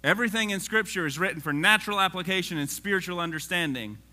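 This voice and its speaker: A man's voice: high-pitched, fast, sharp tone. A man preaching a casual sermon, reading scripture aloud and joking with the congregation.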